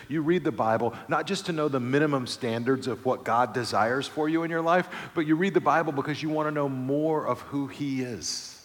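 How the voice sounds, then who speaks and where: A middle-aged male pastor preaches a sermon, dropping into soft, low passages and then rising loud and animated as he tells a story. His voice sits at an ordinary pitch for a man. The sound carries the long reverb of a big hall. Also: moderate pace, few pauses.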